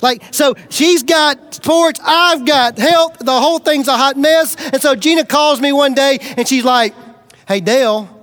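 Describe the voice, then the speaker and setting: High-voiced man preaching a dramatic sermon. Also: measured pace, hardly any pauses. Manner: dramatic, shifts between loud bursts and quiet intensity; plainspoken, folksy humor. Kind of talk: storytelling sermon.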